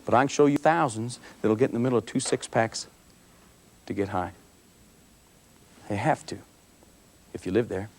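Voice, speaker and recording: A man's voice: lowish voice, moderate pace, creaky, long pauses. A middle-aged man, a police officer, giving a motivational talk to a school assembly and acting out his stories with humor. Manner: animated storyteller, acting out scenes with humor. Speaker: police officer speaking to students.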